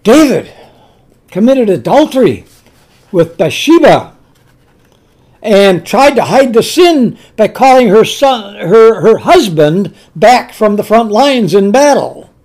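A man preaching a sermon, telling scripture stories slowly and emphatically, often repeating his words. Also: sits high, big pitch swings, a little mellow. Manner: earnest storytelling, slow and emphatic, with repeated words.

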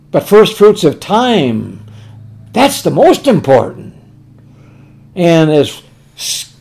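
A preacher delivering a sermon in a very lively, rising-and-falling voice. He throws out rhetorical questions and answers them himself. On tender words he slows down and goes soft and quiet. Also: a little high.

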